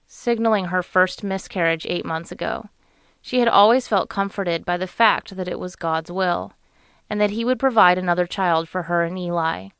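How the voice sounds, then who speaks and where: A woman narrating a romance audiobook in a measured, even storytelling manner on a close studio mic. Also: mid-range voice, clear, resonant tone, no echo. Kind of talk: scripted narration.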